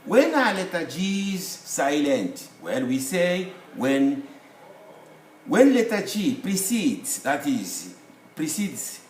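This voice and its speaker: A man teaching English pronunciation, speaking slowly and deliberately and repeating each word for drill. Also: high-pitched. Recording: echoey room with faint ambient noise.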